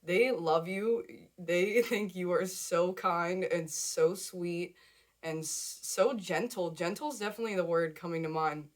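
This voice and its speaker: A woman's voice: lowish voice, a little slow. A young woman giving a casual tarot reading to camera, chatty and emotional, repeating words and laughing often. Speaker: tarot card reader.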